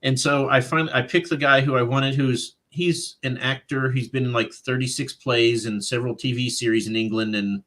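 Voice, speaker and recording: A man, an author, chatting as a guest in an interview, animated and quoting his own past thoughts aloud with frequent laughter. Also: mid-range voice, normal speed, hardly any pauses. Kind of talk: casual interview chat.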